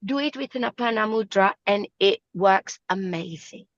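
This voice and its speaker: A woman's voice: mid-range voice, moderate pace, no room sound, lo-fi sound. A woman teaching yoga mudras on a live video call, emphatic and repeating her points. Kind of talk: live online talk show.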